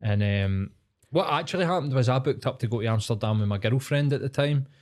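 A man's voice: mid-range voice, animated, brisk, darkish tone. A man with a Glaswegian accent, co-hosting a podcast, chatting casually and telling sweary stories, acting out the people in them. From Scotland. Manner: sweary, storytelling, acts out quoted voices. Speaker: podcast co-host. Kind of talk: casual chat.

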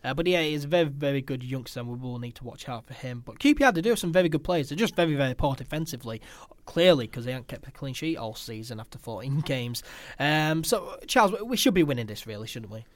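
A man's voice: medium pitch, animated, fast, few pauses, no room sound. A man hosting a casual football podcast, talking with many hesitant fillers. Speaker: podcast host. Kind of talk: football fan podcast chat.

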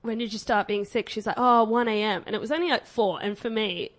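A woman's voice: mid-range voice, fast. A woman, telling a long story in a casual podcast chat and acting out what people said. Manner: animated storyteller, acts out quotes. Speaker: podcast co-host.

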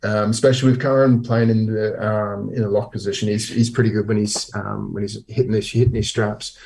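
A man's voice: fairly low pitch, little pitch movement, fairly quick, vocal fry, darkish tone, slight background noise. A man co-hosting a sports podcast, talking with many ums and restarts. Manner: hesitant, many ums and repeated starts. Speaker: podcast co-host. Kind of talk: casual sports podcast chat.

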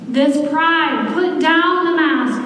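A woman's voice: high voice, slow pace, fairly bright tone, slight background noise. A woman in her forties preaching a sermon, talking candidly and conversationally with personal asides. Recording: echoey hall from far off.

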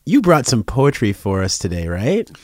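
A man's voice: on the low side, sing-song, moderate pace, dry recording. A man hosting a radio interview in a studio, asking questions in a friendly, inviting way.

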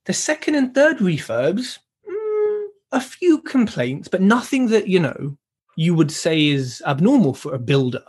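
A man's voice: sits high, wildly swooping pitch, a little slow, a little mellow, husky. A man, co-hosting a podcast and talking reflectively in casual chat. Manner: reflective, leans on "you know" and "right". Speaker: podcast co-host. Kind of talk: casual conversation.

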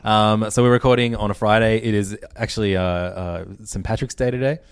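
A man's voice: on the low side, fairly even intonation, a little fast, clean tone, no room sound. A man co-hosting a food podcast, talking in a rambling, profane way and laughing often. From Australia. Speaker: podcast co-host. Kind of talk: casual podcast chat.

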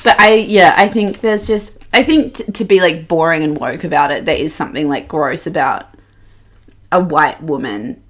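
A young woman co-hosting a podcast, gossiping in a casual, animated, sweary way and mimicking the people she talks about. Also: sits low, moderate pace. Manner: animated, sweary, mocking quoted voices. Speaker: podcast co-host.

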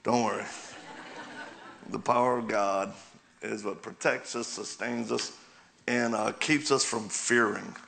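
A man's voice: on the low side, steady tone, measured pace, gravelly, pushed and bright. A man preaching a humorous sermon in a church, telling stories, asking the crowd questions and laughing often. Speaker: guest preacher. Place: church sanctuary.

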